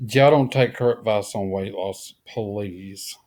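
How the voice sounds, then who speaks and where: A man's voice: lowish voice, slow, darkish tone. A man with a Southern US accent giving blunt, mocking reaction commentary. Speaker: commentary host.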